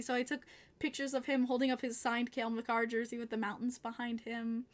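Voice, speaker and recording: Speaking fast in a high, level tone, a young woman with a Long Island accent hosts a podcast. She tells stories casually and bubbly, laughing often along the way.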